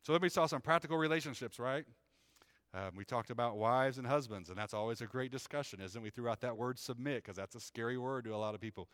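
A man's voice: medium pitch, a bit bright, no room sound. A man preaching a sermon as the pastor, conversational and plain-spoken, often checking in with "right?". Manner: reads scripture aloud in a raised, slower voice.

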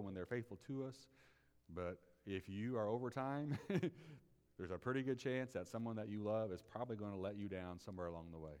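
A man pastor delivering a sermon, moving between quiet confiding talk and loud, rising preaching. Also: fairly low pitch, clear, resonant tone. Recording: reverberant hall.

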